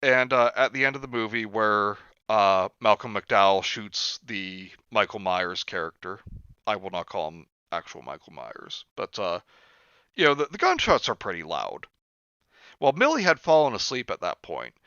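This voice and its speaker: A man hosting a stream, telling anecdotes in a casual, animated way and acting out quotes. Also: lowish voice, moderate pace, clear, resonant tone, no room sound, highs cut off. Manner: animated storyteller, acts out quotes. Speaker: streamer host. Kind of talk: casual storytelling chat.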